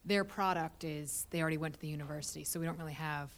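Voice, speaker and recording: A woman's voice: low voice, fairly even intonation, quick pace. A woman from the audience asking the speaker a question, hesitant and thinking aloud. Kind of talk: question from the floor.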